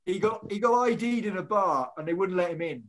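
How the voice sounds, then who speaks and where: A man who referees rugby, telling lively anecdotes in casual chat, acting out quotes. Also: sits high, fairly quick. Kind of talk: casual storytelling.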